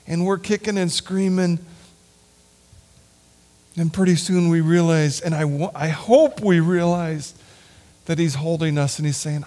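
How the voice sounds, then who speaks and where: A man preaching a sermon and leading a prayer in a church, earnest and heartfelt, sometimes sinking to a hushed whisper. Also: on the high side, fairly even intonation, measured pace, long pauses. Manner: earnest, drops to a hushed whisper at tender points. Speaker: lay preacher. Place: church sanctuary.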